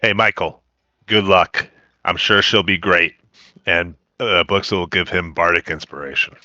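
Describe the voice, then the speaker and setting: A man's voice: deep voice, steady tone, normal speed, pushed and bright, no room sound. A man playing his character at a tabletop game, in a playfully haughty tone. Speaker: player. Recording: muffled lo-fi mic.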